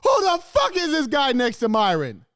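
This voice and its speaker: A man's voice: very high-pitched, huge pitch swings, moderate pace, fairly bright tone, no room sound. A man hosting a show, giving crude, mocking reaction commentary on video clips in his studio. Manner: brash, mocking, crude insults with sudden laughs. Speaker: host.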